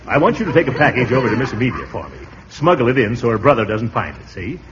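Pompous middle-aged man, lively swooping delivery, dull hissy old radio sound. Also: medium pitch, fast talker. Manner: pompous, blustery, chuckling. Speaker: uncle, lead comic character. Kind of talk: 1940s radio acting.

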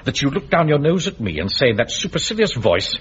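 A man's voice: medium pitch, sing-song, quick pace, natural voice. A man playing a pompous, self-important middle-aged bank manager and platoon captain. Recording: dull lo-fi radio recording with hiss.

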